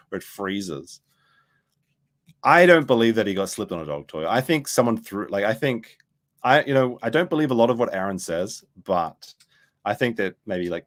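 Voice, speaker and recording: A man giving casual commentary, rambling and profane, losing his train of thought as he talks. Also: deep voice. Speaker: commentary streamer.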